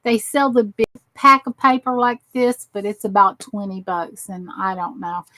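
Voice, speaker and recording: The recording is low quality, capturing a worn-out woman rambling casually to herself as she crafts for her channel. She speaks in a mid-range voice at a moderate pace, sounding pushed and bright.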